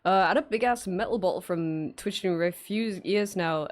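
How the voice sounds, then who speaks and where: A woman's voice: medium pitch, normal speed. A young woman streaming while she draws, chatting casually, giggling, swearing freely and answering her chat.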